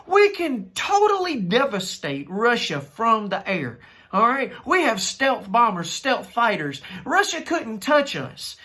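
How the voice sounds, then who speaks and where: A man's voice: very high voice, sharp tone. A man with a Southern US accent preaching an impassioned monologue, fervent and emphatic, driving points home by repeating phrases. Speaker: minister.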